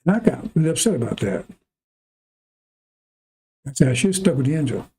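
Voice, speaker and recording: A husky man with a mellow, darkish tone and a fairly high voice. He preaches in loose, rambling talk to his listeners, and at times breaks into loud, animated acted-out dialogue. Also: fairly quick. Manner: animated, acts out arguments with God in a raised voice. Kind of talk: rambling sermon.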